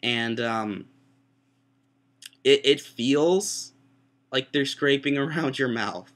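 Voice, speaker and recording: A young man who is sick with a sore throat tells a rambling, self-mocking story into his webcam, breaking into high-pitched voices for quotes. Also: takes it slowly, fairly bright tone. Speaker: vlogger. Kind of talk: casual storytelling.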